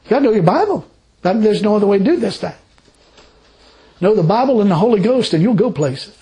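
A high-pitched man preaches in a casual, rambling way. He tells his own stories and keeps them animated, and he often laughs between lines. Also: fast, rough recording. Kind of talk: informal sermon with personal stories.

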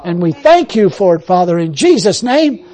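A man's voice: sits high, very animated, moderate pace, dark tone. A man pastor preaching and praying in a folksy way, repeating phrases and punctuating them with hallelujah. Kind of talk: sermon and spoken prayer.

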